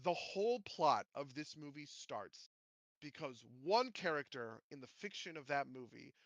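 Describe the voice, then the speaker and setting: A man hosting a podcast, chatting casually about movies in a rambling, animated way with many restarts. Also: a little high, moderate pace, no room sound, muffled recording. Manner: rambling, animated, self-interrupting. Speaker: podcast host.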